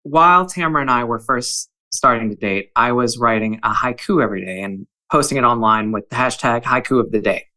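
A man with a bright, forceful voice talks in a plain, measured way and drops in the odd "uh". He also reads short poems aloud. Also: mid-range voice, poor audio. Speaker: podcast guest. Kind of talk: casual chat and poetry reading.

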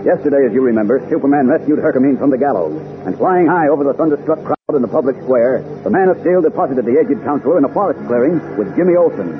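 A man's voice: medium pitch, expressive, fast talker, few pauses. A male narrator giving urgent, dramatic scripted narration for a radio adventure serial. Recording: tinny old radio with loud music behind.

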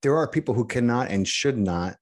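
A middle-aged man talking as a podcast guest in casual chat, halting and restarting often. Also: medium pitch, lively intonation. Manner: halting, many restarts and repeated words.

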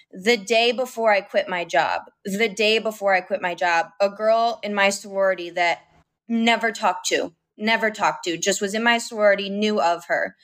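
Excited young woman co-host. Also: medium pitch. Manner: excited, emphatic storytelling. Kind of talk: casual live-stream chat.

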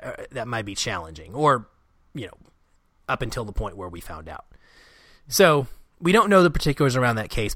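A man's voice: medium pitch, a bit bright, dry recording, clean studio sound. A man in a casual film discussion, reflective and earnest as he speculates.

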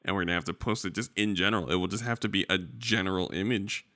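Deep-voiced rambling man. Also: quick pace, bright, forceful tone, no echo, clean studio sound. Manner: rambling, loose, joking. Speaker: podcast co-host. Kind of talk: casual podcast chat.

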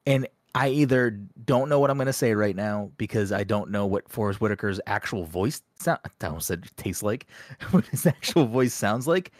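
A man's voice: lowish voice, animated, moderate pace, dry recording, clean studio sound. A man co-hosting a podcast, chatting casually, rambling and swearing freely. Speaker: podcast co-host. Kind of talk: casual chat.

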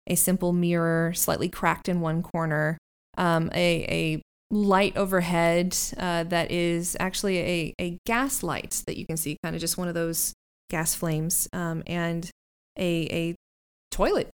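A woman running a tabletop game as game master, with chatty, halting narration. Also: on the low side, little pitch movement, clear, resonant tone.

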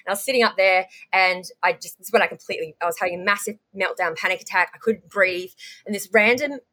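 A young woman telling an interviewer a candid story, animated and swearing freely. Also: medium pitch, quick pace. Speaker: guest.

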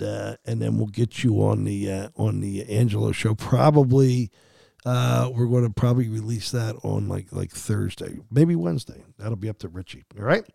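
A man's voice: lowish voice, creaky, mellow, no echo, clean studio sound. A man hosting a sports podcast, rambling through a casual monologue with many fillers and restarts.

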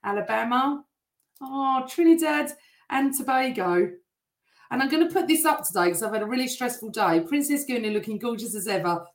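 A woman's voice: on the high side, expressive, normal speed, reverberant. Chatty woman hosting a live stream. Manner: chatty, greets viewers by name. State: voice still rough. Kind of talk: live stream chat reading comments.

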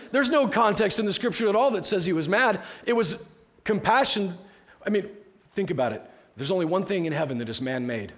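A man preaching a sermon as pastor in a conversational way, often dropping to a soft, hushed tone. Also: a little high. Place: church sanctuary.

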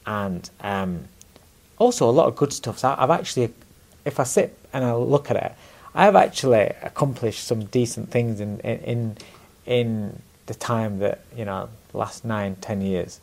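A man in his forties with a gravelly, mid-pitched voice talks earnestly in an unscripted chat. He repeats words and swears bluntly. His tone stays frank and plain. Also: unhurried, a little mellow. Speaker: podcast guest, former boxer. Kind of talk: candid conversational chat.

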